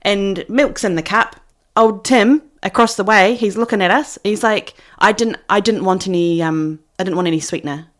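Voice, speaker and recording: A woman co-hosting a podcast, chatting casually and acting out what people said in an animated way. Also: medium pitch, normal speed. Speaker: podcast co-host. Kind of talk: casual chat.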